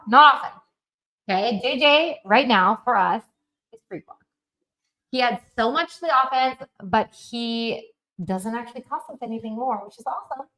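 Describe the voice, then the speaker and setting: A woman from Canada hosts a casual football opinion vlog, and her voice sits a little on the high side. She talks brashly and emphatically, swears freely, and laughs often between her points. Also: a bit bright, low-quality recording. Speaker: football fan show host.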